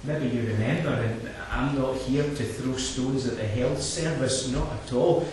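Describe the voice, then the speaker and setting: A man preaching a sermon, swinging from low quiet asides to loud impassioned climaxes and repeating his key phrases. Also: measured pace. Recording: very echoey, from a distance, faint background noise.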